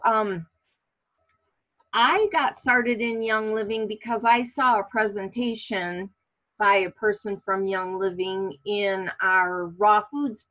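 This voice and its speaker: A woman hosting a casual online class, speaking in a relaxed way with many fillers. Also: mid-range voice, dull audio. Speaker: class host.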